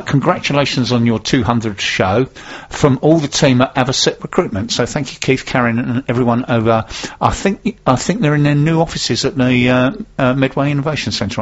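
A man's voice: mid-range voice, normal speed, hardly any pauses, lo-fi sound. A man hosting a local business radio show in casual chat, rambling with plenty of fillers. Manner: chatty, rambling, many fillers.

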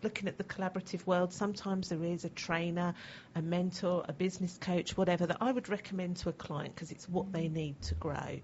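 Woman, accountant guest, low voice, frank, lively, muffled, faint background noise. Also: a little fast, hardly any pauses. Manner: frank and lively, laughs easily. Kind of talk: casual radio chat.

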